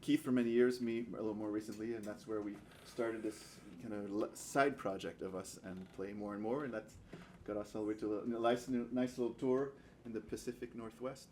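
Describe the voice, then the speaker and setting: A man's voice: on the low side, fairly even intonation, a little fast, darkish tone, a little hiss or hum. A man from Quebec with a Québécois French accent, casually introducing folk songs at a house concert with good humor and frequent fillers. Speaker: folk musician introducing a song. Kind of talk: casual stage banter at a concert. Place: living room house concert.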